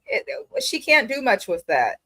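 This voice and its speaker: A woman's voice: fairly high pitch, huge pitch swings, unhurried, a crowd in the background. A woman co-hosting a casual reality-TV recap, giving her frank, matter-of-fact opinions. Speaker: podcast co-host.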